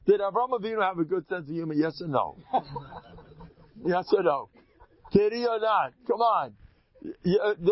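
A man's voice: medium pitch, no room sound. Male speaker teaching with jokes and questions to the audience; dry, slightly dull recording. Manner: animated storyteller, quizzes listeners, mixes Hebrew and Yiddish terms. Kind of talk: humorous religious lecture.

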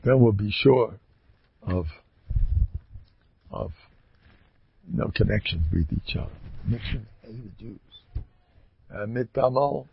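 A man giving a storytelling sermon, talking in an animated way with sudden loud, emphatic rises. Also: fairly low pitch, takes it slowly, vocal fry, long pauses, slight background noise. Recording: dull lo-fi dry recording.

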